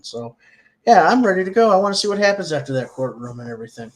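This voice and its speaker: A man's voice: on the high side, expressive, quick pace. A man co-hosting a podcast, joking around in casual chat. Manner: joking, goofy. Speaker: podcast co-host.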